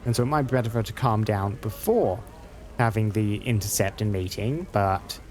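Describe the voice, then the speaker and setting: A man's voice: on the low side, moderate pace, faint music behind. A man hosting a casual let's play, reading the dialogue aloud and adding jokey asides. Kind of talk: game playthrough commentary.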